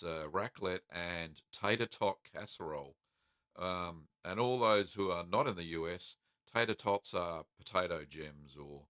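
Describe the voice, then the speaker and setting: Aussie bloke hosting a live stream q&a, low voice but bright, dry close sound, lots of ums. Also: male voice, no room sound. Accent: Australian. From South Australia. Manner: relaxed and friendly, many ums and uhs. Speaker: host of a live cheese-making Q&A. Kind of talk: casual live-stream chat reading comments.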